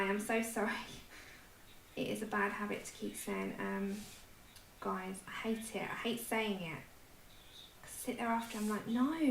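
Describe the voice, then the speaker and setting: London woman hosting a colouring livestream, chatty and self-deprecating, bright voice, echoey room. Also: a little high, gravelly. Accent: London English. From London, England. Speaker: livestream host. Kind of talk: casual chat while colouring. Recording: echoey room with faint noise.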